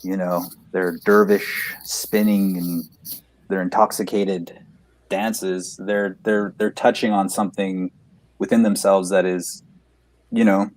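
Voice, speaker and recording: A man's voice: deep voice, little pitch movement, slow, darkish tone. A man on a casual podcast, thoughtfully explaining ideas and reading a short definition aloud. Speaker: podcast guest.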